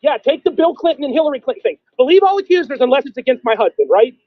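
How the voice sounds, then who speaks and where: A man hosting a call-in stream, grilling a caller with sarcastic, accusing rapid-fire questions. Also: extremely high pitch, sing-song, no room sound, muffled recording. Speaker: stream host. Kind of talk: heated confrontational call-in argument.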